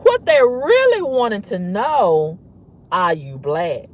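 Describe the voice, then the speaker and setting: A woman with a husky voice, telling a story to camera in a blunt, emphatic, often repetitive way. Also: mid-range voice, wildly swooping pitch, slow, highs cut off. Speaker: vlogger. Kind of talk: candid storytelling rant.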